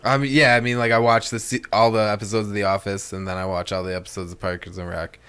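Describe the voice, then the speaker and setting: A man's voice: lowish voice, level tone, quick pace, a bit bright, smooth. A man co-hosting a podcast in casual chat, rambling and teasing with lots of fillers. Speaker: podcast co-host.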